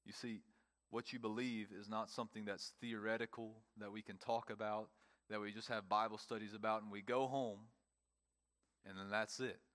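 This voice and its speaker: A man preaching a sermon, emphatic, with pauses and repeated phrases, speaking to a congregation in a church. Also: lowish voice, little pitch movement, a bit bright. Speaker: pastor.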